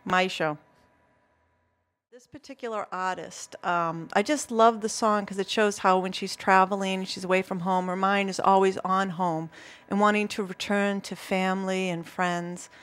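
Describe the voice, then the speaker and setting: A woman's voice: medium pitch, steady tone, normal speed, fairly bright tone. A woman with a Boston accent, co-hosting a local talk show in a chatty, enthusiastic way, telling stories and laughing easily. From Massachusetts. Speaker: co-host. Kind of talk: casual chat.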